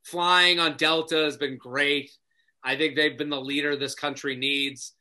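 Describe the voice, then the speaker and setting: High bright-voiced comedian guy, animated storyteller, says like a lot. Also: measured pace. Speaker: guest comedian. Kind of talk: casual podcast chat.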